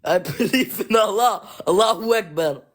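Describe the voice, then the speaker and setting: A man's voice: high-pitched, normal speed, fairly bright tone. A man calling into a debate, taunting and hurling insults. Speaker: caller.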